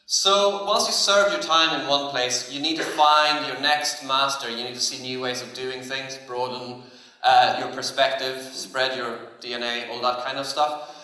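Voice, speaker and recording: A man giving a relaxed conference talk, pausing often with fillers. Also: medium pitch. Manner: relaxed, hesitant, many fillers. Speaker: conference speaker. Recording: echoey hall.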